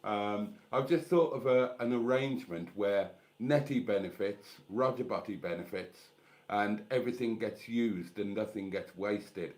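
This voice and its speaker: A man's voice: on the low side, unhurried, a little mellow. Camp, cheeky middle-aged man chatting. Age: 50s. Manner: camp, theatrical, cheeky asides. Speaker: channel host. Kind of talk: casual chat to viewers over wine.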